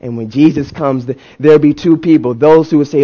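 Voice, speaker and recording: A man preaching with fervor, his voice sitting a little higher than most men's. He builds momentum through repetition and restarts, then rises to emphatic peaks as he calls his congregation to answer back. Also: a little fast, mellow, dull audio. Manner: rising to emphatic peaks, call-and-response with the congregation; repeats and restarts words, builds intensity. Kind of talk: sermon.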